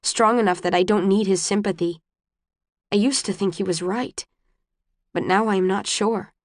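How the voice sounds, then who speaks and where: A woman narrating a novel in the first person, subdued and measured, recorded on a close studio mic. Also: medium pitch, no echo. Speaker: audiobook narrator.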